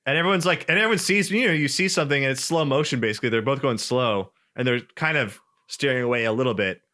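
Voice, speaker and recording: A man co-hosting a casual podcast chat, telling a story in an animated way and acting out quoted voices. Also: mid-range voice, quick pace. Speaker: podcast co-host.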